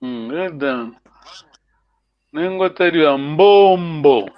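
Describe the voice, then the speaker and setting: Over a video call with dull, lo-fi audio, a man teaches a language lesson, patient and encouraging and laughing often. His voice is on the high side, expressive, and slow.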